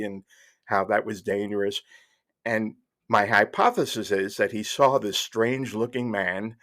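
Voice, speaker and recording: Wry older male storyteller. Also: fairly low pitch. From New Jersey. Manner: wry, digressive, with fillers and restarts. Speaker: podcast host. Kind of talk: casual storytelling monologue.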